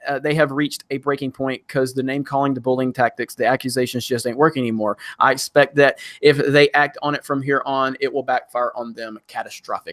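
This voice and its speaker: A man's voice: medium pitch, fairly bright tone, dry recording. A man hosting a casual livestream chat, reading viewer comments in a rambling way with frequent restarts. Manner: rambling, restarts often, laughs now and then. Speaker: livestream host.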